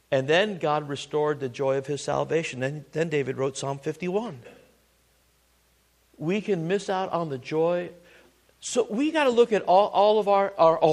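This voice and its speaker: A male preacher with a high-pitched voice that swings widely in pitch. He reads the verses slowly and deliberately, then rises to loud, emphatic exhortation. He keeps a conversational tone, with rhetorical questions. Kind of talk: sermon.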